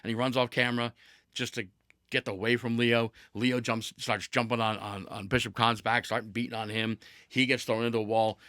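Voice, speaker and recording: A man hosting a laid-back podcast tells an energetic story, laughing and restarting at points. His medium-pitched voice is brisk and sharp, though his delivery is flat, and the clean studio sound has no room echo.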